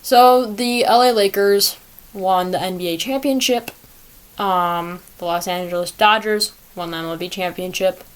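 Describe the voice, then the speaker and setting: A woman's voice: medium pitch, unhurried, smooth. A young woman hosting a sports podcast on her own. She chats casually and rambles, breaking off into asides to herself. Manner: chatty, rambling, self-talking asides. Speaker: podcast host. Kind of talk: casual solo podcast chat.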